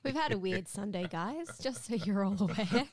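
A woman's voice: medium pitch, expressive, normal speed, darkish tone, no echo, clean studio sound. A woman, co-hosting a casual podcast chat, teasing and giggling while a little hungover. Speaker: podcast co-host.

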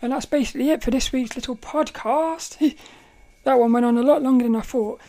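A woman hosting a casual solo podcast, telling a story in a rambling, animated way, often laughing and restarting her sentences. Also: high voice, brisk. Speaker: podcast host.

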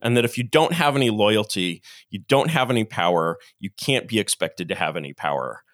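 Middle-aged male podcast guest, low-ish voice, animated lecturer who acts out quotes, dry close sound. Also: a little fast, dry recording. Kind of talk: long-form interview monologue.

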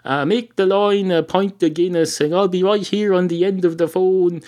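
A man playing a female emergency operator who is overly polite, calmly absurd, and keeps saying sir. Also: high-pitched, normal speed, pitched above the performer's own voice, natural voice.

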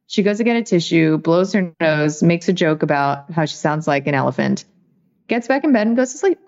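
Woman, interview guest, reflective, earnest, low voice, dull lo-fi audio. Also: lively intonation, a little fast, darkish tone. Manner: reflective, earnest, with frequent "you know" and "right". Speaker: guest, author. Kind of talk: casual interview talk.

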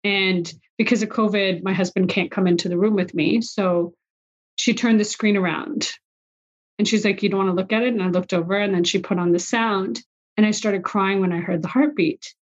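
A woman's voice: medium pitch, fairly even intonation, moderate pace. Heartfelt woman host, dull lo-fi sound. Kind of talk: casual podcast conversation. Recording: slightly dull lo-fi audio.

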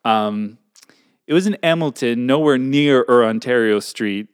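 A man's voice: mid-range voice, unhurried, clear, resonant tone, dry recording. Playful male podcast co-host in a dry room. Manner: playful, jokey, wandering anecdotes with many fillers. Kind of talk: casual chat.

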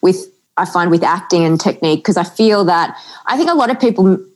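A woman's voice: on the low side, animated, a little fast, a little mellow. A woman hosting a podcast in casual chat, eagerly agreeing with her guest and explaining her points with lists of examples. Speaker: podcast host.

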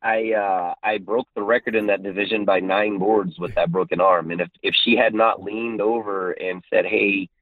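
Polite earnest guy on a phone line, low voice, dry and tinny, laughs through his stories. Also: fairly even intonation, normal speed, hardly any pauses, no room sound. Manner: earnest, polite, chuckles while storytelling. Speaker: guest, martial arts champion. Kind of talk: casual interview chat.

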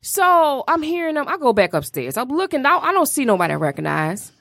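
A woman's voice: sits high, brisk, creaky, dry recording, clean studio sound. A woman co-hosting a casual chat, telling her side of a story with laughter and casual swearing. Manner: laughing, animated, swears freely.

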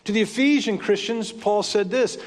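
Pastor, male, high voice, chatty sermon delivery with asides, long church-hall reverb. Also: normal speed. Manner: conversational, retells scripture stories with asides.

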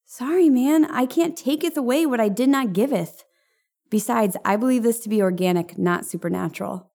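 A man's voice: very high voice, normal speed, creaky, a little mellow, voice pushed up. A man reading a story and voicing a sarcastic young woman who is a witch, teasing her friend. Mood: wry. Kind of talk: audiobook narration.

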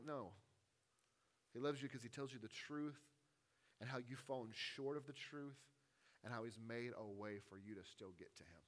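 His sermon moves at normal speed, the pastor's mid-range voice alternating between soft, intimate passages and loud, rising calls to his listeners.

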